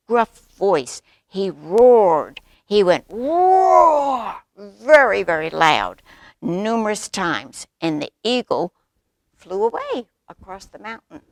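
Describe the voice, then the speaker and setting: A woman storyteller reading a picture book aloud to children, lively and asking them questions along the way. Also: medium pitch, creaky, no echo, clean studio sound. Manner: animated, asks the children questions.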